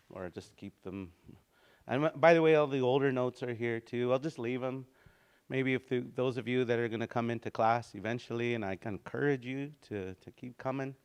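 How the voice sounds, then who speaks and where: Relaxed man teaching a language class. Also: medium pitch, smooth. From Canada. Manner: loose and conversational, chuckles, sings out words.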